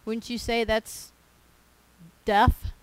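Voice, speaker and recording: A woman preaching a sermon, earnest and emphatic, slowing down to stress scripture. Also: fairly high pitch, little pitch movement, a little mellow, clear, resonant tone, no echo, poor audio.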